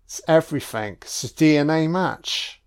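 A man giving a casual, sweary audio commentary on a film, reacting out loud to what he sees. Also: a little high, moderate pace, smooth. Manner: sweary, exclaiming reactions at the screen.

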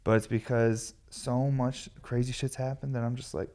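A man in his thirties, tired and a bit raspy, rambling casually and swearing freely as he hosts a podcast from his glass studio. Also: medium pitch, steady tone, brisk, hardly any pauses, darkish tone. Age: 30s. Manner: rambling, profane, laid-back.

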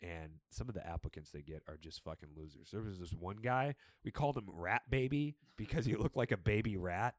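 A young man co-hosting a podcast, chatting casually and telling animated, swear-filled stories about old jobs. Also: lowish voice, brisk, few pauses, no echo. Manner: animated storytelling, swears freely. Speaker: podcast co-host. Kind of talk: casual chat.

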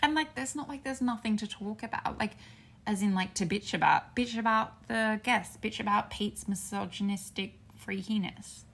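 A woman's voice: medium pitch, moderate pace, vocal fry, a bit bright. A woman co-hosting a podcast, chatting casually, laughing and swearing freely. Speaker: podcast co-host. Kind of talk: casual chat.

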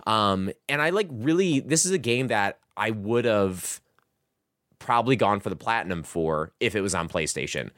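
A man with a slightly low voice chats casually about video games. He rambles loosely, leaning on filler words like "like" and "um". The recording is dry and close. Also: lively intonation, normal speed, a bit bright, no echo. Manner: rambling, heavy use of "like" and "um". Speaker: podcast host reviewing a video game. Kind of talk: casual chat.

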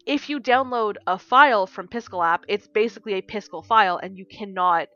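A woman co-hosting a podcast, telling a story in casual chat, animated and swearing freely as she acts out bits of dialogue. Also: medium pitch, fairly quick, no room sound. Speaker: podcast co-host and game design teacher. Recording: dull lo-fi sound.

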